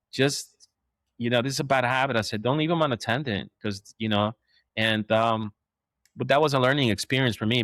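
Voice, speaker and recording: A man, a dog trainer, telling stories in a rambling, animated way with many restarts and acted-out quotes. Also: mid-range voice, dry recording, studio quality. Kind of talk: casual storytelling.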